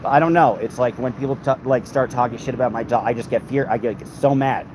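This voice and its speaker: A man's voice: medium pitch, fast. A man livestreaming from his phone while walking outdoors on a city street, talking casually to his chat, swearing and getting worked up. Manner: frustrated, swearing, heated then reading chat. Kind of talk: casual live stream chat. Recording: phone mic with loud street traffic. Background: street and traffic noise.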